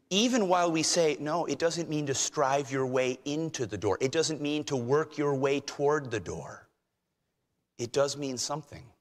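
Man preaching in a reverberant hall. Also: medium pitch. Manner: shifts from loud emphasis to hushed near-whispers. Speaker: pastor. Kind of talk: sermon.

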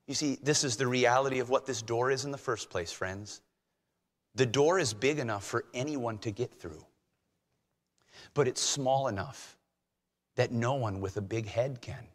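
A man preaches in a mid-pitched voice that carries through a large, reverberant church. He swings between loud, insistent emphasis and hushed, nearly whispered lines. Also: normal speed, pauses often. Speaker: pastor. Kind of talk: sermon. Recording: long hall reverb.

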